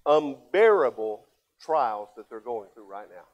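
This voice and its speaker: An older man, a pastor, preaching a sermon, swinging from loud emphatic passages to low quiet asides. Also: big pitch swings, measured pace, lo-fi sound.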